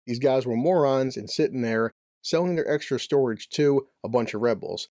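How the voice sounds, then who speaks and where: A man's voice: medium pitch, moderate pace, few pauses, a little mellow, no echo, studio quality. Brash joking man reviewing a movie. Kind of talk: casual comedic review.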